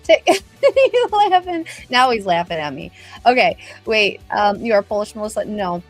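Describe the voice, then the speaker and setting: A woman's voice: medium pitch, sing-song, normal speed, soft background music. A middle-aged woman hosting a casual livestream, chatty and bubbly, greeting viewers by name. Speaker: livestream host.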